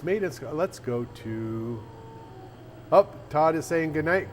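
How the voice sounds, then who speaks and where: A man's voice: fairly high pitch, animated, slow pace, slight background noise. Rambling man livestreaming from his arcade. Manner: rambling, thinking aloud with restarts. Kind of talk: casual livestream chat. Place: arcade café interior.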